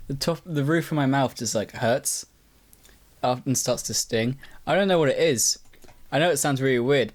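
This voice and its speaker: A young man hosting a podcast, rambling and swearing casually while he eats cookies. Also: medium pitch. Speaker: podcast host. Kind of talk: casual chat.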